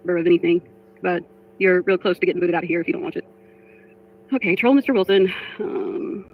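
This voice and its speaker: A woman's voice: fairly low pitch, a little fast, pauses often. A woman livestreamer talking casually to her chat, frustrated, reading comments aloud. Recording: dull lo-fi stream audio.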